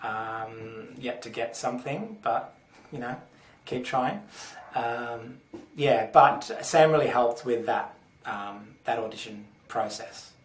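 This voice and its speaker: A man's voice: mid-range voice, slow pace. An Australian man, an actor guest on a podcast, speaking earnestly and thoughtfully with lots of fillers. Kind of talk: casual interview chat. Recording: echoey and distant from the mic.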